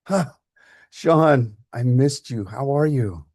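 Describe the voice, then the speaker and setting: A man voicing a dying older father who speaks softly, weary and gentle, at peace. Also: mid-range voice, animated, slow pace, no echo, studio quality, pitched above the performer's own voice.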